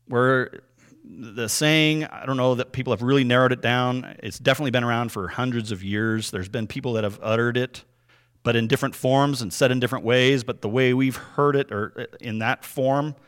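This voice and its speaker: A man giving a conversational Bible teaching, explaining things earnestly and often checking in with a quick "right?". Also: mid-range voice, fairly bright tone.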